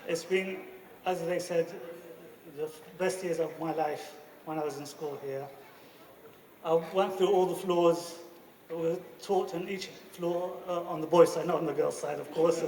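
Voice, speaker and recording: A man's voice: a little high, fairly even intonation, a little slow. A man, a former student, reminiscing plainly about his school days in an anniversary speech. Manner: warm, plain reminiscing with religious greetings. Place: school event hall. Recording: echoey hall, speaker far from mic.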